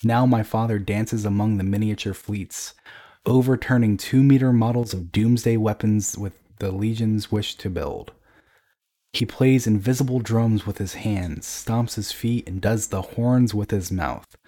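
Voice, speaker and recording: A man reading a dramatic first-person story in a grave, measured way. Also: fairly low pitch, mellow.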